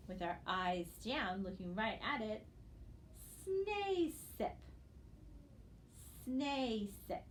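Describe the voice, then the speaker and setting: A woman teaching a phonics lesson, sounding out syllables slowly and checking in with "okay?" after each step. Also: mid-range voice, slight background noise. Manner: patient, checks in with frequent "okay?". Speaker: reading teacher.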